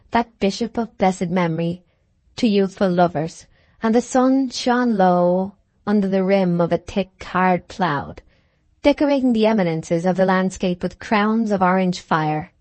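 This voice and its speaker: A woman reads a classic novel aloud at a measured, even storytelling pace. Her voice sits mid-range for a woman. The recording is dry and close, with no room sound. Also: medium pitch, no echo. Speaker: narrator. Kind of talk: audiobook reading of a classic novel.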